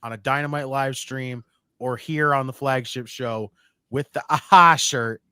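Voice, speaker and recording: A man co-hosting a casual wrestling podcast, excitable and profane, repeating himself for emphasis. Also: mid-range voice, unhurried, clear, resonant tone, dry recording. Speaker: podcast co-host.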